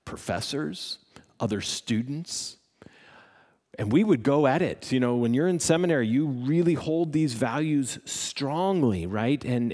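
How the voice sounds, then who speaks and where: Pastor guy preaching, story-style, gets emphatic then goes soft and low, mid voice. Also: long reverb tail. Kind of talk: sermon.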